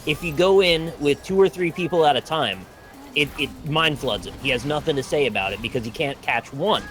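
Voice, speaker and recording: Man, slightly high voice, rambling self-deprecating storyteller, faint music behind. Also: animated, fairly quick, a bit bright. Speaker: guest. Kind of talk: casual chat.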